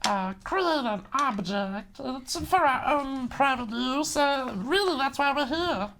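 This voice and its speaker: A woman voicing a tiny, snooty talking cat in a put-on posh accent, halting and full of fillers. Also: high-pitched, lively intonation, fairly bright tone, slight background noise, full character voice. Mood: flustered.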